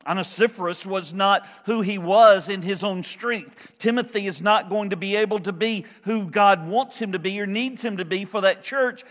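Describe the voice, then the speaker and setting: A man preaching a conversational, emphatic expository sermon as pastor, slowing down to stress key phrases. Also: high voice, a bit bright, big-room sound. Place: church sanctuary.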